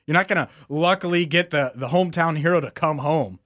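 Man, sports talk co-host, casual banter, emphatic, bit higher voice. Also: fairly bright tone. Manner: emphatic, argumentative, quick bursts.

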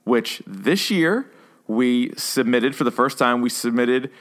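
A man's voice: medium pitch, expressive, slow pace. A man co-hosting a podcast, ranting in casual banter with mock outrage and frequent swearing. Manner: indignant, profane, mock-outraged. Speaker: podcast co-host.

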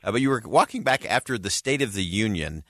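A man's voice: fairly low pitch, animated, quick pace, fairly bright tone, no room sound, studio quality. A man hosting an interview show, introducing his guest and asking questions with frequent hesitant uhs. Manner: hesitant, many filler uhs. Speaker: show host.

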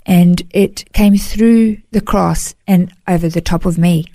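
A woman's voice: lowish voice, steady tone, takes it slowly, warm tone, dry recording. A woman, an interview guest, giving an earnest, emotional personal testimony and often saying "you know". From Australia.

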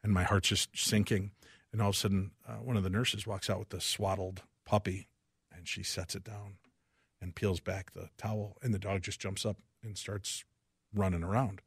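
A man with a low, husky voice tells a personal story on talk radio, lively and full of acted-out dialogue. The sound is dry and close, with no room around it. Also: normal speed, no echo. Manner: animated, acts out the dialogue of each person. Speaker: radio guest host.

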